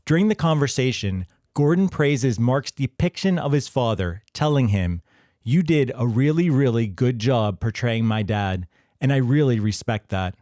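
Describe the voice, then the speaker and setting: A man reading a scripted history explainer in a measured, explanatory way. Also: mid-range voice, animated, mellow, dry recording, clean studio sound. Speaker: history channel narrator. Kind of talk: scripted narration.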